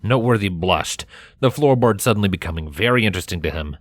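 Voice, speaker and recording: A man's voice: low-pitched, expressive, fast. A man steadily narrating a first-person fan story as the reader. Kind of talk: audiobook fanfiction reading.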